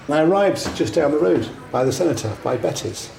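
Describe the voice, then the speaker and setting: A man's voice: on the high side, animated, a little fast, gravelly, dark tone. An older man chef, interviewed, talking in a blunt, chatty way with anecdotes. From England. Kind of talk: casual interview. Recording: echoey room with background noise.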